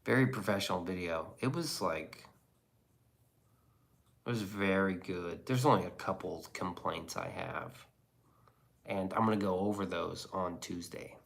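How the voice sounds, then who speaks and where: A man's voice: deep voice, measured pace, gravelly, long pauses. A man casually reading viewer comments on a live stream, sarcastic and crude, slipping into whispers and mock voices.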